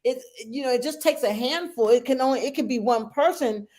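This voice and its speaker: A woman's voice: high voice, a little fast, darkish tone. Emotional woman hosting a support talk. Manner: earnest, conversational, checks in with "right?" and "okay?". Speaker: host of a support group for grieving mothers.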